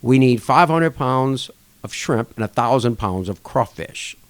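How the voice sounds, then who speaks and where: Man telling a lively story. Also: a little slow, clean tone. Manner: animated anecdote-telling, acting out dialogue with shifting pitch. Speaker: podcast guest, restaurant association chair. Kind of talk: casual storytelling interview.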